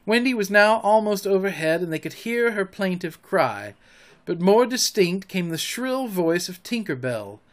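A man hosting a podcast, reading a children's story aloud with expressive narration. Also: high-pitched, measured pace.

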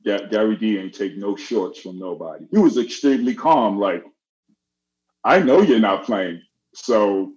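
A middle-aged man telling a story in casual chat, animated and acting out the voices of the people in it. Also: fairly low pitch, normal speed. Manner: animated, acts out quoted voices. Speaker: guest. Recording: dull lo-fi audio.

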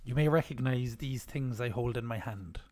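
A man's voice: mid-range voice, moderate pace, a little mellow, no room sound. A young man hosting a podcast, teasing his partner in a playful, mock-formal way. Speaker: podcast host. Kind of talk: casual chat.

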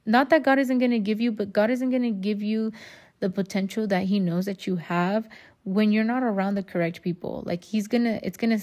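A woman's voice: mid-range voice, steady tone, fairly quick, darkish tone. A woman hosting her own podcast, talking candidly and rambling, swearing freely and calling her listeners y'all. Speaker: podcast host. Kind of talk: casual solo podcast monologue.

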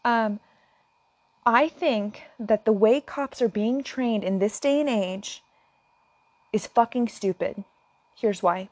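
A woman's voice: a little high, slow pace, long pauses, darkish tone, no echo. A woman talking straight to her viewers in an earnest, impassioned way, at times close to tears. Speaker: vlogger. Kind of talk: emotional direct-to-camera talk.

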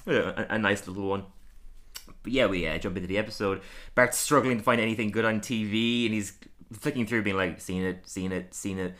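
A man's voice: fairly low pitch, fairly quick, fairly bright tone. A man co-hosting a casual podcast, rambling and laughing often as he talks. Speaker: podcast co-host. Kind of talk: casual chat.

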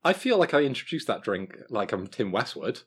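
A man's voice: medium pitch, sing-song, fairly quick, breathy edge. A young man co-hosting a podcast, teasing his friend in a dry, ribbing manner. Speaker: podcast co-host. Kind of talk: casual chat.

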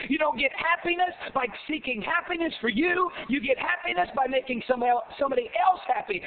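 High-voiced shouting man preaching. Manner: emphatic, rhetorical questions, rising repetition and shouts. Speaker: pastor. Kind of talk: sermon. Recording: tinny phone-like sound.

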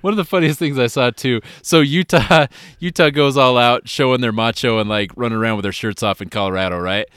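Laid-back middle-aged man, smooth voice. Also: medium pitch, fairly quick, hardly any pauses, a bit bright, no echo. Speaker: sports podcast co-host. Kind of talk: casual chat.

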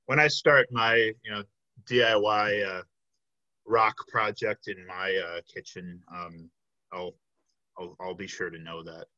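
A man hosting a casual podcast interview, with a fairly low voice that still has a forceful, bright edge. He talks hesitantly, full of fillers, and his voice often trails off softly. The recording is dull, lo-fi and dry. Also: fairly even intonation, unhurried, no echo. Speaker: podcast host.

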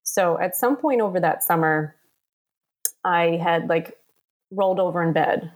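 A woman in her thirties with a slightly low voice tells her own story in a relaxed, chatty way. She fills it with "um" and "like" and briefly acts out the other people's voices as she goes. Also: measured pace, pauses often. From New York area. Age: 30s. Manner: chatty, many fillers, acts out quoted voices. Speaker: guest telling her story. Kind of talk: casual personal storytelling.

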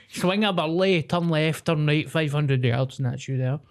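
A man's voice: fairly high pitch, a little slow. A man co-hosting a podcast, trading dry, sweary banter in casual chat. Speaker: podcast co-host.

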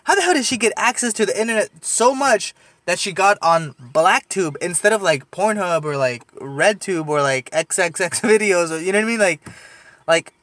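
A man's voice: high-pitched, lively intonation, moderate pace, fairly bright tone, no room sound. A young man telling a long story in casual, rambling chat, full of fillers, swearing and laughs. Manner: rambling, filler-heavy, profane, laughs often. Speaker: podcast storyteller.

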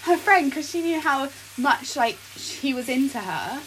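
A woman's voice: high voice, lively intonation, unhurried, a bit bright, low-quality recording. A young woman telling a long made-up love story in casual chat, rambling with lots of fillers, recorded while cooking in a kitchen. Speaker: podcast co-host. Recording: kitchen noise, frying sizzle.

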